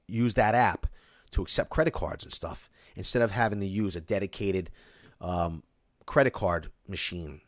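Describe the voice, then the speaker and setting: Animated man hosting a live stream. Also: on the low side, dry recording, clean studio sound. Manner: animated, ranting, reads comments aloud. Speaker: live-stream host reading viewer comments. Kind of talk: casual live-stream chat.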